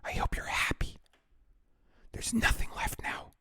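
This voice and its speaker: A man's voice: measured pace, bright, forceful tone, dry recording. A man reading a heartbroken young woman's lines from a game aloud as whispered role-play, pleading and blaming herself. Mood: bitter. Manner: pleading, self-reproaching, breaks into unvoiced whisper.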